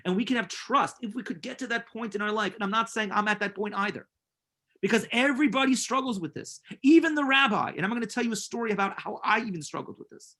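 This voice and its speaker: This rabbi has a high, sharp-toned voice as he teaches an inspirational class. He's earnest and emphatic, weaving in personal stories and repeating words to drive points home.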